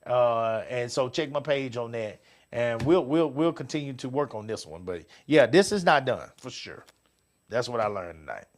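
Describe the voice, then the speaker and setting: A man's voice: mid-range voice, lively intonation, normal speed, a little hiss or hum. An older man, hosting a casual talk show, rambling, repeating himself and laughing often. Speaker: host.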